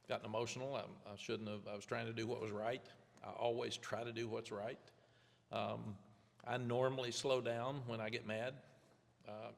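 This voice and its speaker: Old guy in his 70s, gravelly coach talk, reverby press room. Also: fairly low pitch. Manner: candid, rambling, self-deprecating with restarts. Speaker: head football coach. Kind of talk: press conference answers.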